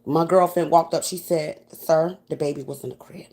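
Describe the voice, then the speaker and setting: Gravelly woman from New York. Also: deep voice, moderate pace. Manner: animated, profane, speaking to the audience as y'all. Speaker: storyteller. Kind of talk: casual storytime.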